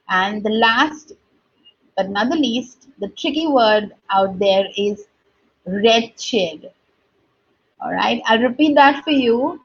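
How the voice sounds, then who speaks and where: A woman gives a slow, patient pronunciation lesson. She says each word clearly and repeats it before moving on. Her voice is a little high and husky, and the recording sounds dull and lo-fi. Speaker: English pronunciation teacher. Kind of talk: slow, deliberate teaching with repeated model words.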